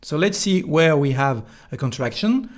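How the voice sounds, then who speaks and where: A man's voice: fairly high pitch, lively intonation, normal speed. A man with a French accent teaching a French lesson in English, explaining each word with care and modeling phrases for the listener to repeat. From France. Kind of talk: online language lesson.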